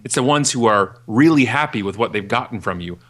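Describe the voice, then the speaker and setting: A man in his forties, a podcast guest and keynote speaker, talking in a ranting, jokey way and acting out other people in a high voice. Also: expressive, brisk, a bit bright. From Canada. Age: 40s. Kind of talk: animated podcast interview.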